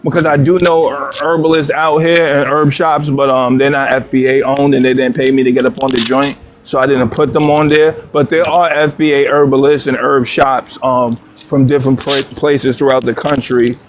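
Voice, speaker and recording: Man, laid-back guest, flat monotone, mid pitch, faint background hiss. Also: normal speed, few pauses. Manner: laid-back, many fillers. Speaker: guest promoting a business directory. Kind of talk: casual chat.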